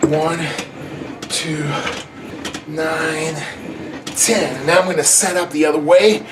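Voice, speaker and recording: A man's voice: on the high side, fairly even intonation, slow, background noise. A man vlogging his own workout in a casual, self-mocking way, counting reps aloud and out of breath. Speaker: fitness vlogger.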